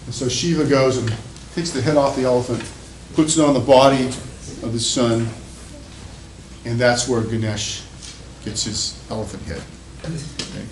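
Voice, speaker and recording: A male university lecturer telling stories in an animated, chatty classroom lecture. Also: medium pitch, normal speed, long pauses. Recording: echoey classroom with faint noise.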